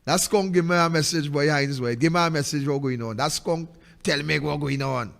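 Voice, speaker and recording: A man's voice: on the high side, a little fast, creaky, a bit bright, long reverb tail. A man with a Trinidadian accent hosting a political commentary show, ranting in a fiery, repetitive way that sometimes turns sing-song. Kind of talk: impassioned political monologue.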